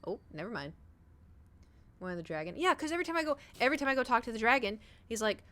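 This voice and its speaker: A woman's voice: a little high, fast. A woman streamer chatting casually while she plays, rambling and swearing as she tells stories. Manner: rambling, profane, animated storytelling. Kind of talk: casual chat while gaming.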